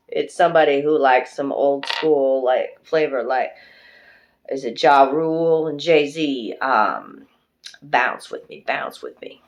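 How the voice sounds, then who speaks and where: A woman's voice: very deep voice, darkish tone. A woman doing a pick-a-card tarot reading, chatty and emotional, who swears freely and speaks fondly to her viewers. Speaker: tarot reader.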